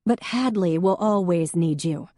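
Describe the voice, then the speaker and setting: A woman's voice: fairly low pitch, normal speed, no room sound, clean studio sound, lightly acted. A woman narrator voicing a hurt, defensive young woman in a heated argument. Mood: upset. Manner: sharp, raised, emotional.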